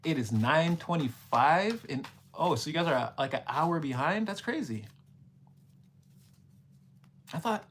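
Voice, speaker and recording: A man's voice: a little high, measured pace, pauses often, a bit bright. Rambling man on a livestream. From Canada. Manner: rambling, repeats himself, exclaims "wow". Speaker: livestream spiritual reader. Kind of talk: casual livestream reading and chat.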